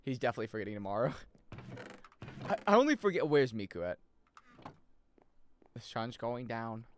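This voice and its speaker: A young man commentates his game stream in a casual, excitable way. His voice swings widely in pitch, from muttered menu readings to sudden loud, high shouts. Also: moderate pace, slight background noise. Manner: excitable, jumps into loud high yelps and laughs; mutters menu options to himself.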